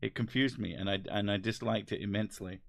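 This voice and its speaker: A man's voice: fairly low pitch, quick pace, vocal fry. A man with an English accent, hosting a casual chat, rambling and wry with casual swearing. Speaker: host. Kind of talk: casual chat reading comments.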